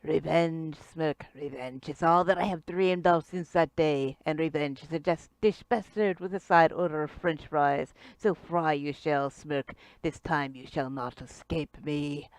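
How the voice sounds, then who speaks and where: A woman voicing a pompous male island host who turns into a vengeful villain, speaking low and slow with a throaty whisper. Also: sing-song, dry recording. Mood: menacing.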